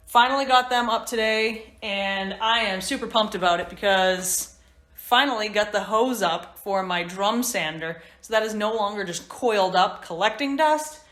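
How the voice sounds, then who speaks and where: A woman's voice: mid-range voice, fairly bright tone. Chatty woman vlogging in an echoey shop. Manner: chatty, upbeat, rambling asides. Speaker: woodworker vlogger. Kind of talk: casual vlog diary. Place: woodworking shop.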